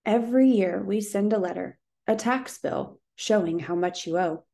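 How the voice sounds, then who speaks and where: A brusque, bossy middle-aged tax collector barks short orders in a clipped, commanding tone, as a woman puts him on while reading a storybook. The voice is dark and gravelly. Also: medium pitch, moderate pace, lightly acted. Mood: curt, bossy.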